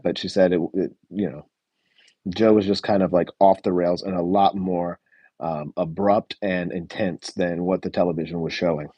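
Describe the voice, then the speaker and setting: Low dark-voiced man rambling a review. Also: slightly rough, dry recording. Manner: rambling, many fillers, reads live chat. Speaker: show reviewer, live stream host. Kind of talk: casual live review chat.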